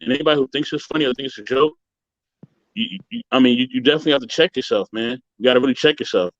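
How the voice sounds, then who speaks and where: A man on a video call earnestly recounting a hurtful experience, emotional and halting, often saying "you know". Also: medium pitch, dry recording, dull audio. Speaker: guest sharing a story. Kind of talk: personal story on a video call.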